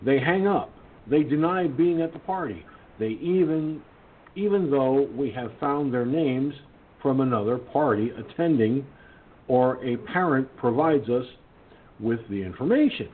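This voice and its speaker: A man's voice: medium pitch, animated, unhurried. A male internet radio host who reads news items aloud and then rants about them, indignant and swearing. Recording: tinny phone-line sound with faint hiss.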